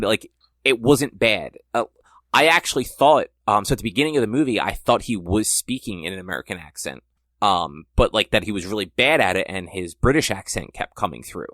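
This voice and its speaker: A man's voice: fairly low pitch, animated, brisk, a bit bright, dry recording, studio quality. A young man co-hosting a podcast, rambling in casual chat and leaning hard on filler words. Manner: rambling, heavy use of "like". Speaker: podcast co-host.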